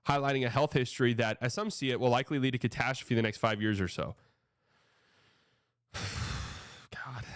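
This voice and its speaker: A man's voice: medium pitch, dry recording, studio quality. A man hosting a casual sports reaction show, talking in a loose, profane, rambling way.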